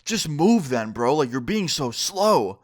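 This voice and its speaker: A man's voice: mid-range voice, brisk, a bit bright, close to an everyday voice. A man doing a rude, dismissive young guy. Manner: curt, dismissive.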